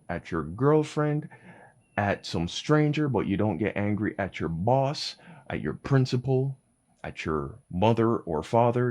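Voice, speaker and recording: A young adult man giving casual parenting advice to his viewers, animated, swearing freely and calling them bro. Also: lowish voice.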